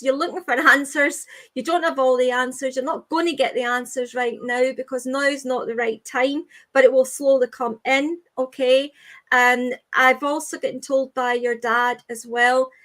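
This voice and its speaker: High-pitched woman medium, gentle and halting, reassuring tone. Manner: halting, repeats phrases, soothing with "okay, sweetheart". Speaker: medium giving readings. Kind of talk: live online spirit reading.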